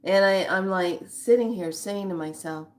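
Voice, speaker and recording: A woman's voice: medium pitch, moderate pace, a little mellow, a little hiss or hum. A woman in her fifties, chatting candidly to her viewers and telling a story with frequent laughter. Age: 50s. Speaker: spiritual vlogger. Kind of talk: casual chat to viewers.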